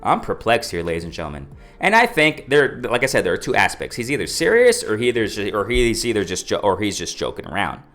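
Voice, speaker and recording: A man's voice: lowish voice, huge pitch swings, fast talker, hardly any pauses, a bit bright, soft background music. A man talking casually about boxing on his own channel, rambling and repeating himself, with slang fillers. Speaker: boxing commentary vlogger. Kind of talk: casual opinion vlog.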